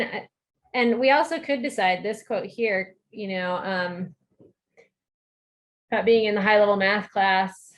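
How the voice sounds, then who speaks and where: A woman leading a video-call work meeting, guiding the group and asking what they think, with many filler ums. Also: medium pitch. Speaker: meeting facilitator. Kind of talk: online group meeting discussion.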